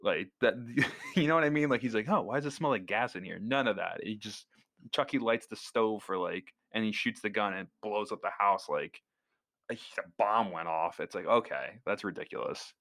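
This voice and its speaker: Low-voiced male podcast co-host. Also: normal speed, a bit bright, dry recording, clean studio sound. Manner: incredulous, rambling. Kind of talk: casual movie chat.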